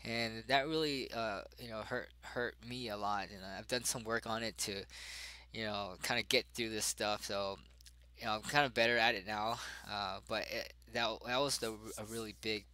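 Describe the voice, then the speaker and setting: A young adult man, a father, telling a personal story in a halting way, full of fillers and restarts. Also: fairly low pitch, steady tone, sharp tone, clear, resonant tone, no room sound, poor audio.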